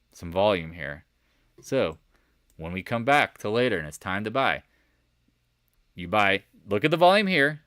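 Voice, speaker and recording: Man, low voice, dry close sound, live chart commentary, animated, quizzing viewers. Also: no room sound. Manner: animated, talks to chat viewers, rhetorical questions. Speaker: market commentary host.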